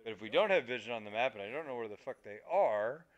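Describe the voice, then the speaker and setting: This gaming podcast co-host, on a streaming microphone, swears casually while explaining things emphatically in a casual show. His medium-pitched voice is animated and fast, and the recording's highs are cut off.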